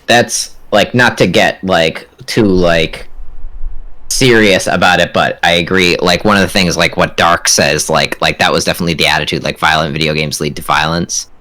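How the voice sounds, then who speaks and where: Young guy on a podcast, low deep voice, bright edge, earnest and thinking aloud. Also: fairly even intonation, normal speed. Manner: earnest, thinks out loud with restarts. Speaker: podcast co-host. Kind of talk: casual chat.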